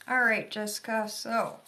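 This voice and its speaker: With a fairly high voice and a noisy background, a woman from Michigan's Upper Peninsula does psychic readings on a live stream via phone or webcam. She has a Yooper accent and talks in a chatty, rambling way.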